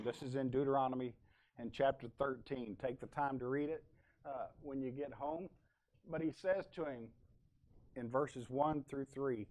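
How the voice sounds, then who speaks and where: A man's voice: mid-range voice, a little mellow. Male pastor giving a sermon, chatty, keeps asking the crowd what happens next, middle voice. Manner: conversational, asks the congregation questions; loose, with fillers and asides.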